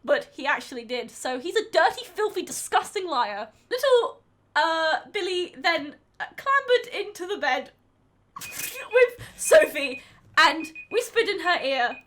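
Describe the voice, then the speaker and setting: Streamer, woman, very high bright voice, halting improvised narration. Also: very animated. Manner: hesitant, rambling, with many fillers. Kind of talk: improvised storytelling.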